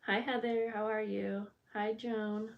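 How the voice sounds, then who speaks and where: A woman's voice: mid-range voice, little pitch movement, takes it slowly, vocal fry, highs cut off. Chatty woman crafting live on stream. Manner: chatty and scattered, greeting viewers and thinking aloud while she works. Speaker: bookbinding crafter hosting a livestream. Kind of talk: casual chat while working on a craft.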